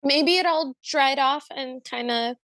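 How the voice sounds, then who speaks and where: A woman's voice: sits high, a little slow, fairly bright tone, dry recording. A woman co-hosting a podcast, recapping a movie in a chatty, wry way. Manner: chatty, wry, slips into voices. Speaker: podcast co-host. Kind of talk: casual chat recapping a movie.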